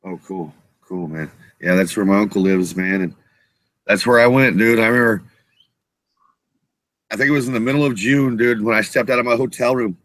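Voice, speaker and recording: A man's voice: on the low side, normal speed, long pauses, a bit bright, no room sound. A man chatting casually as a show co-host, laid-back and slangy. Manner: laid-back, says dude and man a lot. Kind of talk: casual chat.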